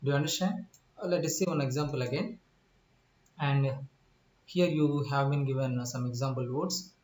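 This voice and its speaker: A man teaching English word stress in a recorded lecture, explaining slowly with many pauses, repeating himself, spelling out letters and asking the listener questions. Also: mid-range voice, steady tone, a little mellow, a little hiss or hum. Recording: echoey room.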